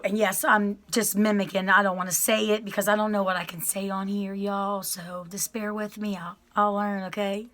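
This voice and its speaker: Slow, rambling middle-aged woman vlogger. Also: medium pitch. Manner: rambling, apologetic, chatty, with many fillers and restarts. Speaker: vlogger sharing her prison experience. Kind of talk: casual storytelling to viewers.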